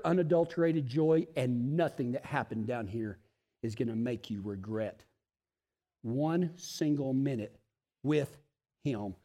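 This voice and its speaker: A pastor with a fairly high voice delivers a sermon that rises to loud, emphatic lines and drops to hushed, slow ones. He mixes in lighthearted joking asides along the way.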